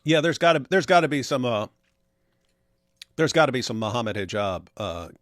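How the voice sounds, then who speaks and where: A man's voice: medium pitch, sing-song, normal speed, a bit bright, dry recording. Middle-aged male stream host, blunt and sarcastic, dry close mic. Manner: blunt, sarcastic, reads viewer chat aloud. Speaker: livestream host. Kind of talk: casual live-stream chat.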